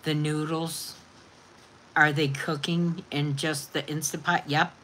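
Female livestream host, lowish bright voice, unhurried, affectionate with her viewers. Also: flat delivery. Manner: affectionate, reads viewer comments aloud; chatty recipe explaining. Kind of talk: casual livestream chat.

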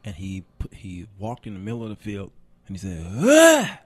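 Male preacher-host, lively storyteller, dry studio sound. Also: low voice, brisk, dry recording. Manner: animated storyteller, laughs often. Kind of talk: casual talk show storytelling.

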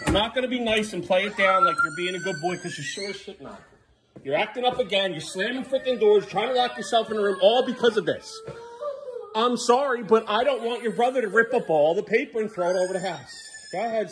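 Frustrated dad scolding his kid, lively pitch swings, background noise clearly audible. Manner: exasperated, scolding, loud and sharp at times. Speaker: father. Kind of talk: family home vlog.

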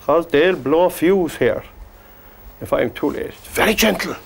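A man teaching a painting demonstration, gently coaxing the brushstrokes as if talking to the paint. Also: fairly high pitch, a little slow. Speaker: painting instructor.

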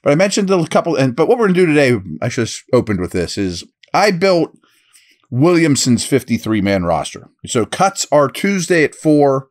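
A man's voice: fairly high pitch, very animated, moderate pace. A man hosting a solo football analysis podcast, talking through his roster picks in a casual, conversational way, thinking aloud as he goes. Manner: upbeat read of a sponsor ad. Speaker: podcast host and football scout.

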